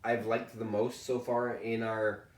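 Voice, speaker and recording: A man's voice: fairly low pitch, level tone, measured pace, reverberant, distant mic. A man co-hosting a whisky tasting, chatting in an easygoing, agreeable way. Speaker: whisky reviewer, co-host. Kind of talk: casual tasting chat.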